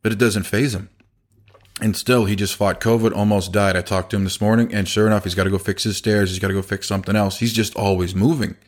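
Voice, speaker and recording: A man's voice: on the low side, flat delivery, fast. A man, a business owner telling stories in casual talk and acting out the dialogue he quotes. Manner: conversational, acts out quoted dialogue.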